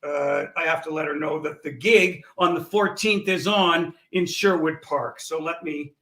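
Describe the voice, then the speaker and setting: A comedian hosting a casual live show, hoarse from laryngitis, gruff and exasperated in his banter. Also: on the high side, unhurried, sharp tone, distant mic. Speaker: comedian host. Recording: roomy sound, off the mic.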